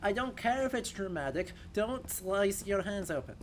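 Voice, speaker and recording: A man's voice: high-pitched, expressive, normal speed, a little hiss or hum. A man streaming a video game, joking and sarcastic, sometimes slipping into a mock announcer voice. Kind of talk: casual let's-play commentary.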